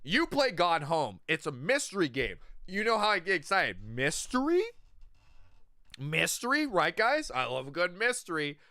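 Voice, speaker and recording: A man's voice: a little high, sing-song, normal speed, few pauses, sharp tone, dry recording, clean studio sound. A man streaming, ranting animatedly and profanely about a video game. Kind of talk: ranting livestream commentary.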